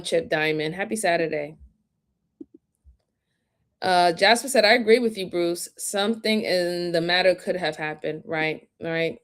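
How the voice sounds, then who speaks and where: Chatty woman hosting a livestream. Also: fairly low pitch. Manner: relaxed, chatty, many fillers, greets viewers by name. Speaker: livestream host reviewing crime interrogation footage. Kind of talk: casual livestream commentary and chat greetings.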